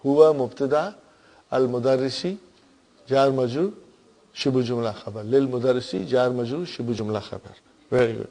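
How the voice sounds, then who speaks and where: A man's voice: medium pitch, normal speed, mellow. A man teaching an Arabic grammar class, patiently explaining terms and often checking that his students follow.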